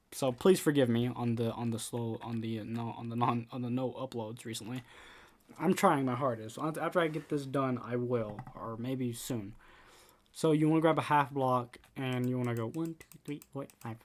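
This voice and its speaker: A man's voice: medium pitch, normal speed. A man giving casual commentary for a game building tutorial, rambling with many repeated words and restarts.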